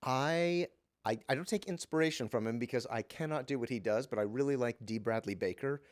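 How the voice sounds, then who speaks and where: A man who works as a voice actor, answering interview questions in a relaxed, chatty way with lots of fillers and restarts, and telling lively anecdotes. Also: mid-range voice, a little fast.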